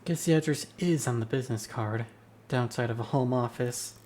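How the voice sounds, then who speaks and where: Brief: male streamer, mid-pitched, dry wry read of a story game. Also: normal speed, darkish tone, slight background noise. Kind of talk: reading a visual novel aloud.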